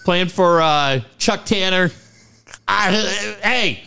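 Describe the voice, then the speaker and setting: A man's voice: fairly high pitch, moderate pace. A man in his forties co-hosting a show, telling stories with lots of swearing and put-on voices. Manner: animated, swearing, puts on voices in anecdotes. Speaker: radio show co-host. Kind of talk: casual banter.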